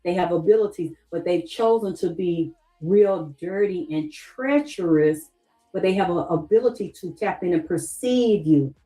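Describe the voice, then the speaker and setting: A woman's voice: on the low side, moderate pace, warm tone, faint music behind, low-quality recording. Insistent Southern woman on a livestream. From Southern United States. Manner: insistent, repeats questions, reads viewer comments aloud. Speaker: livestream host. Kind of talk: emotional livestream talk to viewers.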